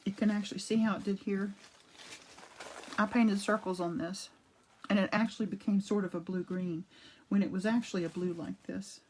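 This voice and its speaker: A chatty woman walks viewers through her paper craft in a relaxed live demo, her pitch sitting in the middle of the range for women. She rambles a little, restarts her sentences and greets viewers by name as she works. She talks around a cough drop. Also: moderate pace, long pauses, slight background noise, low-quality recording. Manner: rambling, with frequent restarts and asides. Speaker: art demo host. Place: home art studio.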